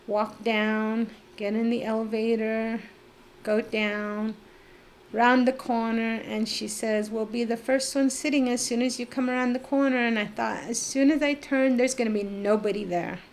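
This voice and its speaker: A woman's voice: on the high side, steady tone, measured pace, a little hiss or hum. A middle-aged woman telling her own life story as a podcast guest, candid and emotional, with lots of "like" fillers and a blunt swear now and then. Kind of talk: personal storytelling.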